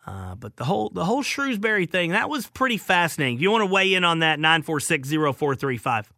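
A man's voice: fairly high pitch, big pitch swings, fast talker, pushed and bright, no echo. A male sports radio host giving opinionated, emphatic call-in talk into a studio microphone.

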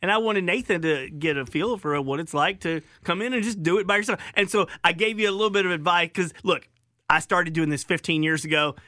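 A man hosting a sports radio show, chatting in a relaxed, easygoing way in a studio. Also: high voice, brisk, no echo. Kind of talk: casual radio chat. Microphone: studio microphone.

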